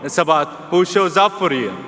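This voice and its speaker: The student commencement speaker, a young Egyptian man with an Egyptian Arabic accent, mixes humor and earnestness before a large arena crowd. His voice leans high, animated, pushed, and bright at a normal pace, with long arena reverb trailing it.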